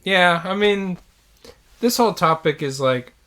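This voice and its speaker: A man's voice: high voice, expressive, unhurried, a bit bright. A man co-hosting a podcast, chatting casually and acting out quotes as he tells stories. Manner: storytelling, acts out quotes. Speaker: podcast co-host. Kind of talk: casual chat. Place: living in Japan.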